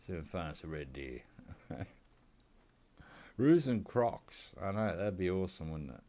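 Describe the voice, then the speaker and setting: Low-voiced Australian man joking through a hunt. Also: big pitch swings, unhurried, mellow. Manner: joking, chatty, talks to the animals on screen. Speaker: gaming streamer. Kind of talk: casual gameplay commentary.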